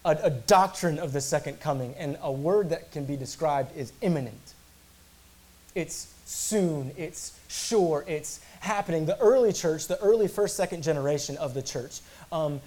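A man's voice: fairly high pitch, darkish tone. A male pastor preaching an earnest sermon, emphatic, repeating words and slipping in casual asides.

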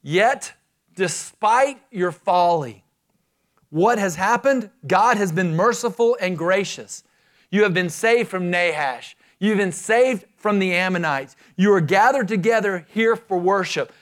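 High-voiced man preaching a sermon. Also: measured pace, a bit bright. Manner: rhetorical questions, retelling scripture with emphasis.

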